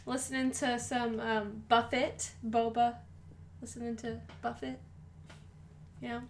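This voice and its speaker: A woman co-hosting a live-stream podcast, chatting casually in a playful, excitable way. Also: on the high side, measured pace. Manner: playful, excitable, jokes a lot. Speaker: podcast co-host.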